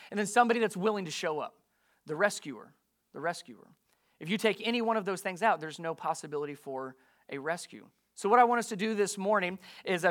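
A man's voice: sits high, a bit bright. A man preaching a sermon in church, reading scripture and posing rhetorical questions to his congregation in a conversational way. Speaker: pastor.

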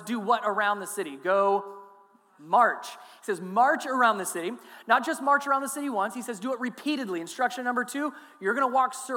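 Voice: medium pitch, sharp tone, big-room sound. A pastor preaching a sermon, telling stories with self-mocking humor and asking the congregation questions. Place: church sanctuary.

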